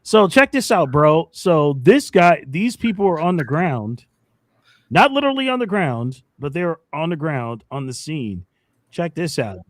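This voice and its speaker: A man co-hosting a casual live podcast, excitable and hyped in his banter. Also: a little high, unhurried, no room sound, clean studio sound. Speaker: podcast co-host.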